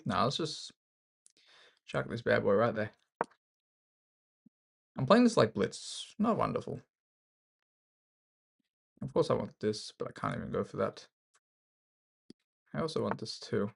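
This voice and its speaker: A man's voice: on the low side, big pitch swings, a little slow, vocal fry, long pauses, breathy edge. A man with an Australian accent thinking aloud as he plays chess, joking and poking fun at himself. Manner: jokey, thinks aloud, self-mocking. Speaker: chess streamer. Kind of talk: casual commentary while playing online chess.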